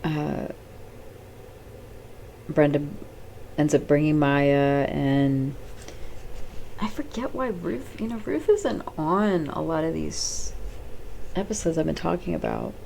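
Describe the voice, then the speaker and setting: Low, gravelly-voiced chatty woman. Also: expressive, takes it slowly, pauses often, dark tone, a little hiss or hum. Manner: rambling, chatty, acts out characters' lines with "she's like"; blunt and swears casually. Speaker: host. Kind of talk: off-the-cuff video commentary.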